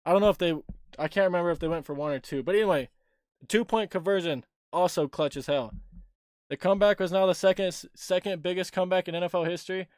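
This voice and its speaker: A young man hosting a casual livestream, rambling excitedly about a game he just watched and swearing casually. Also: high voice, quick pace, smooth, dry recording, clean studio sound. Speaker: livestream host and sports fan.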